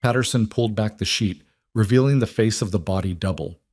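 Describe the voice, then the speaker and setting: A man narrating a dramatic story in a calm, even reading voice. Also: on the low side, brisk, dry recording, studio quality.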